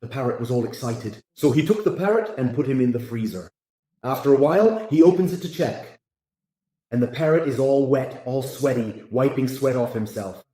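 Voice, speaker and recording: A man's voice: medium pitch, a little fast, dark tone. Echoey man reading jokes. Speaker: joke narrator. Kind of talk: scripted joke reading.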